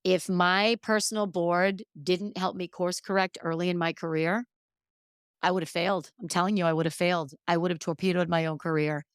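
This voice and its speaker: A woman's voice: lowish voice, steady tone, a little fast, clean tone, no echo, studio quality. A middle-aged woman hosting a solo podcast, talking earnestly and emphatically about careers. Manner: earnest and emphatic, emotional at times. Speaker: podcast host.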